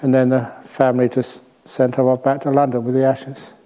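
A man acting as a Buddhist teacher, telling a story to an audience in an unhurried way with light humor. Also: mid-range voice, completely flat delivery, warm tone.

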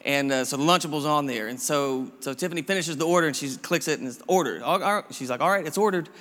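A man preaching to his congregation in a loose, encouraging way, circling back and repeating himself. His voice sits a little high for a man, and it rings out with a long echo in a church hall. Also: fast talker, fairly bright tone. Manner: casual, repetitive, encouraging preaching with many restarts. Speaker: pastor. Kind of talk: sermon.

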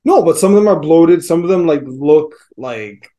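A man with a mellow, somewhat high voice speaks at a moderate pace and with plenty of expression. He's co-hosting a podcast, chatting casually about a movie in a loose, profane way full of fillers.

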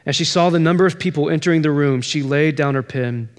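A man's voice: a little high, quick pace. A man preaching as pastor, telling a story and pressing its point with emphatic repetition. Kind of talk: sermon.

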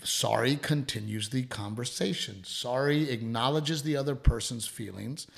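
A middle-aged man co-hosting a casual chat show, talking in an animated way, acting out quotes and swearing freely. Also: mid-range voice, moderate pace, gravelly. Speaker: podcast co-host.

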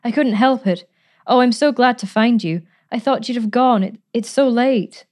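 A woman's voice: fairly high pitch, normal speed, darkish tone, voice pushed up, natural voice. A woman reading a storybook, voicing an eager, timid eighteen-year-old girl who speaks earnestly and stammers a little.

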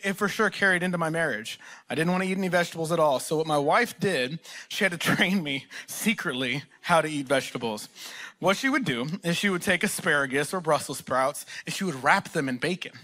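A man from Texas, a location pastor giving a sermon full of self-deprecating, humorous stories. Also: very high voice. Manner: animated, self-deprecating storyteller. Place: church auditorium.

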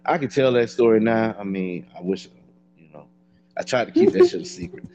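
A man telling a story in casual chat, blunt and profane, with a deadpan gripe. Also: on the low side, brisk, dull audio.

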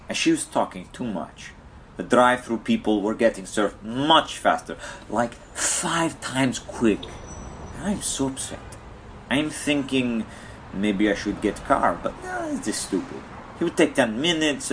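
A distraught Russian man rants in broken English, as a man puts on the voice and accent. His voice sits well above an ordinary male register and lurches up and down in pitch. It stays whiny and aggrieved throughout, and a faint noise hums behind it. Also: fairly bright tone. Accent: put-on Russian. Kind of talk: comedic character monologue.

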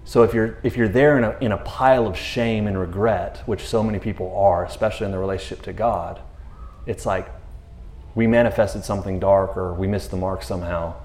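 A man talking casually about scripture in a laid-back, slangy way, retelling stories with lively asides. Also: lowish voice, brisk. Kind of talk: casual faith talk. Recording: roomy echo.

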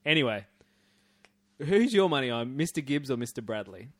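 A man's voice: medium pitch, very animated, moderate pace, a bit bright, no room sound. A man co-hosting a casual podcast, reading out history notes and joking between them. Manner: joking, reads facts between banter. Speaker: podcast co-host.

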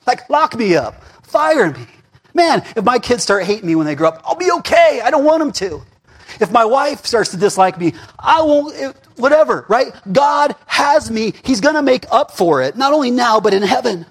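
Husky male pastor, preaches with wide swings from loud to hushed. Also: very high-pitched, normal speed. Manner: animated, swings between shouting and murmuring. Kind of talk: sermon. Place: church.

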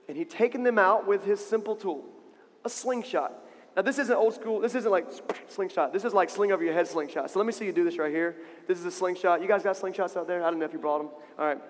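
A man leading an interactive, playful call-and-response story for a young church audience. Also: high-pitched. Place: church stage with big speakers. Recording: reverberant hall over loudspeakers.

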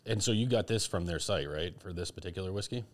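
A man with a very deep voice co-hosting a laid-back tasting chat. He talks in an easygoing way, thinking out loud. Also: fast talker. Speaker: podcast co-host.

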